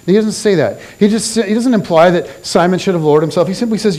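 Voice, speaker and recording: A man preaching a sermon as a pastor, telling a story with animated delivery and dropping low and soft for quoted lines. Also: fast talker, few pauses, low-quality recording. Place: church.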